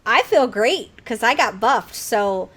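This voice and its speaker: A young woman hosting a casual gaming podcast, chatty and quick to laugh as she reads listener mail. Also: fairly high pitch, expressive, fairly bright tone, a little hiss or hum. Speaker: podcast host.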